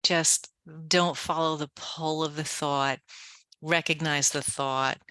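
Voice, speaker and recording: A woman's voice: low-pitched, steady tone, takes it slowly, fairly bright tone, clean tone, dry recording. A woman author, a guest in an interview, telling her story with energy and coaching the listener through breathing exercises. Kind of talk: conversational interview, guided relaxation instructions.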